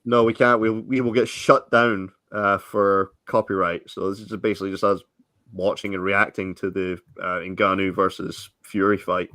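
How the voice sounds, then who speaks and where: A man's voice: low-pitched, little pitch movement, normal speed, bright, forceful tone, no room sound, clean studio sound. A man co-hosting a live stream, talking casually and rambling with many fillers. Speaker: co-host.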